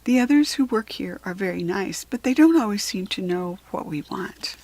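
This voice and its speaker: Gentle talking male deer, polite and mild, a touch husky; a woman reader voices him. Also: mid-range voice, lively intonation, normal speed, no echo.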